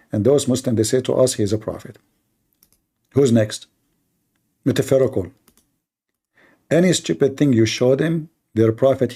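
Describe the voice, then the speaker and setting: Man, gravelly, husky, mellow, sarcastic debate host. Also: medium pitch. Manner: sarcastic, mocking, combative. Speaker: host of a live debate stream. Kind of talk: live call-in debate.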